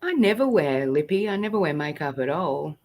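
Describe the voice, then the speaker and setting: A woman co-hosting a casual live chat, playful and quick to laugh, with a husky voice. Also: low voice, sing-song, a little mellow.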